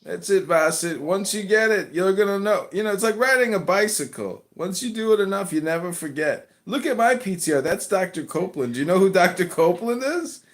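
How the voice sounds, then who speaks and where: A man hosting a live stream, mocking and teasing his viewers in a loud, rambling, profane way. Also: sits high, lively intonation, fairly quick, hardly any pauses.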